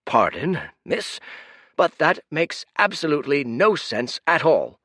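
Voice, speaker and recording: A man voicing an ancient, weary high priest who is pompous yet desperate, calling out in shrill, wheezing shouts. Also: sing-song, unhurried, no echo, studio quality, heavily acted. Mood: flustered.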